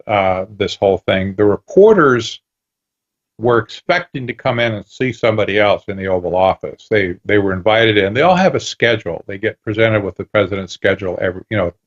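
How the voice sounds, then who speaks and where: A man's voice: lowish voice, highs cut off. A man talking as a guest on a radio interview, telling stories with animation and acting out bits of dialogue. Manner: animated storytelling, acts out dialogue. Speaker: guest author.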